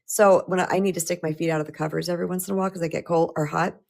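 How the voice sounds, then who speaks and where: A middle-aged woman coach talking casually on a live stream, chatty and animated, often restarting her sentences. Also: fairly low pitch, rapid-fire, creaky. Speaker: spiritual empowerment coach.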